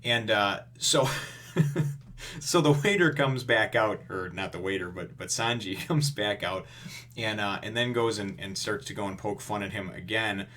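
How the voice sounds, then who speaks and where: A man's voice: on the low side, unhurried, sharp tone. A man giving a casual, rambling review of a comic chapter, full of fillers and chuckles.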